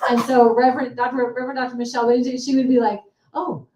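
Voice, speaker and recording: A chatty woman with a fairly high voice, co-hosting a relaxed conversation and telling stories with easy laughter. She sits back from the mic in a roomy space with some reverb, and there is a faint hiss under her voice. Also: racing, recorded from a distance. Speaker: co-host. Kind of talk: casual chat.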